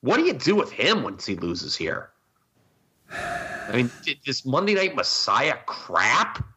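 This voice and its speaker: A man's voice: medium pitch, huge pitch swings, measured pace, bright, forceful tone. A man co-hosting a casual podcast, giving emphatic, rambling opinions. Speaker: podcast co-host. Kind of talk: casual wrestling podcast chat.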